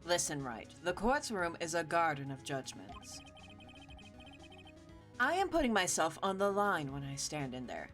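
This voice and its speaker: A woman's voice: low voice, very animated, measured pace, fairly bright tone, faint music behind, pitched below the performer's own voice, heavily acted. Woman doing a grave English-accented male prosecutor. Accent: put-on English. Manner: formal, grave. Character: stiff proud male prosecutor, composed.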